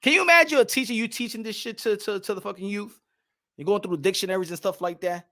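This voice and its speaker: High-voiced profane New York man. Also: fast talker, sharp tone. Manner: loose, swearing, laughing often. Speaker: boxing channel host. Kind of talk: casual profane monologue.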